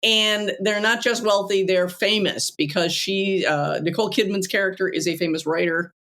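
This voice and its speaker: A woman co-hosting a podcast in casual film chat, animated and wry, often laughing mid-sentence. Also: medium pitch, normal speed. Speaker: podcast co-host.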